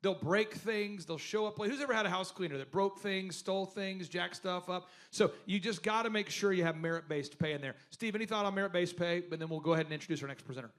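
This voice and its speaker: A man with a fairly high voice speaks to a live workshop audience. He hosts with animated storytelling, turning to the room with questions. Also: fast, hardly any pauses. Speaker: host.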